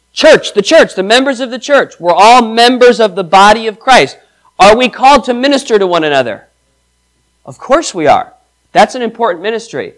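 A male pastor delivering a sermon with emphatic, rising delivery. His voice sits a little higher than most men's. He reads scripture aloud and turns to the congregation with questions.

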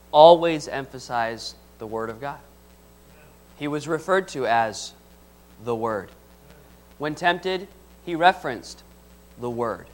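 A man preaching a conversational sermon, reading scripture aloud and asking his listeners questions. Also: mid-range voice. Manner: conversational, asks the audience questions.

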